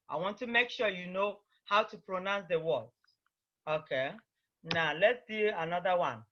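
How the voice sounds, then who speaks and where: A man teaching a language online, patiently repeating words slowly so his students can copy them, heard over a video call. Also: sits high, bright, forceful tone, muffled recording.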